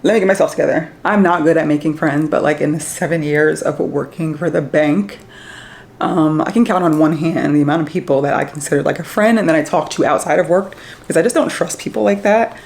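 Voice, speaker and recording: A woman's voice: deep voice, fairly quick, vocal fry, a little mellow. A woman in her thirties vlogging from a hotel room, talking casually to her viewers in a chatty, rambling way full of fillers. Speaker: travel vlogger. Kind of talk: casual vlog talk to camera.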